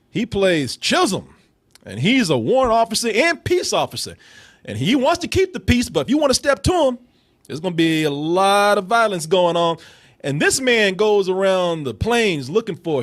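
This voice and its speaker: Animated high-voiced man reviewing movies. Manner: animated, joking, laughs often, swings pitch widely. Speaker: podcast host, movie reviewer. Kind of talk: casual comedic movie review chat.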